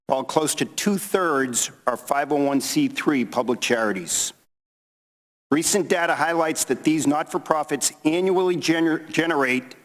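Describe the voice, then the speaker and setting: A man reading a prepared statement as a witness at a congressional hearing, in a measured way. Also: fairly high pitch. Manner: measured, reads figures. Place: large hearing room. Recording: reverberant hearing room.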